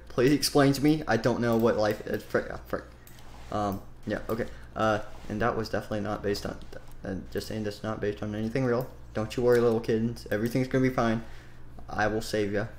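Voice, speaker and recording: A young man chatting loosely through a game roleplay, rambling and goofy, often trailing off into ums and uhs. His voice sits at an ordinary middle pitch, with a faint hiss behind it. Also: steady tone, brisk. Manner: rambling, filler-heavy, goofy. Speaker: gaming video host and roleplayer. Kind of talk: casual game roleplay commentary.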